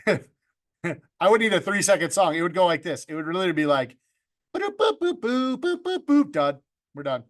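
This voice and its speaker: A man teaching a video-editing class over a video call, upbeat and joking, talking to students by name. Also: fairly high pitch. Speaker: video club instructor. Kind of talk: online class instruction. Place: home room with green screen.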